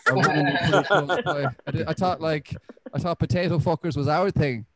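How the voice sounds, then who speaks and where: A young Irish man doing a stand-up comedy set on a club stage, deadpan and self-deprecating, with frequent swearing. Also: fairly high pitch, normal speed, a crowd in the background, low-quality recording. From Ireland.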